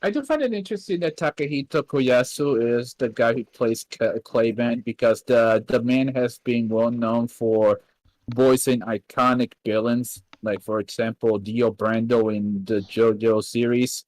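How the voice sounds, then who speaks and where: A man's voice: mid-range voice, a little slow, darkish tone, poor audio. A man on a casual podcast chat, explaining things in an informative way.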